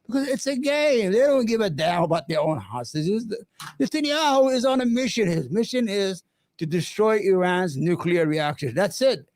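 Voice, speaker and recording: A man hosting an opinionated live commentary stream, impassioned and sarcastic, often halting on fillers and restarts. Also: high voice, animated, darkish tone, dry recording. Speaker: livestream host.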